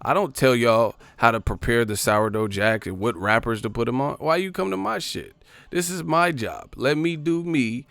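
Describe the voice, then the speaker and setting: A man's voice: mid-range voice, moderate pace, vocal fry, a bit bright, dry recording. A man hosting a boxing livestream, ranting casually and profanely while driving his car. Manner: profane, rambling, mocking. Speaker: boxing channel host.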